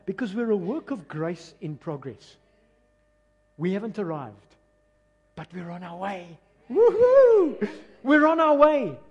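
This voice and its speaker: A man preaching a passionate, emphatic sermon that swings between loud and quiet. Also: fairly high pitch, slightly rough, dull audio. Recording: long reverb of a large hall.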